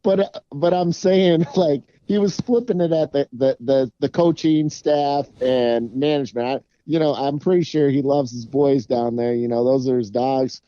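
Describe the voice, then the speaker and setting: A man's voice: medium pitch, moderate pace, few pauses, mellow, no echo. A man co-hosting a sports podcast, talking in a laid-back way in casual chat. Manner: laid-back, laughs often. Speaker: podcast co-host. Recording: dull lo-fi mic.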